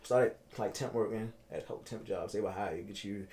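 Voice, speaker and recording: Animated man in his thirties. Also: brisk, slight background noise. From Baltimore, United States. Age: 30s. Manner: animated, repeats himself, builds to emphatic highs. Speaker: podcast host telling his own story. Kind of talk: casual storytelling interview.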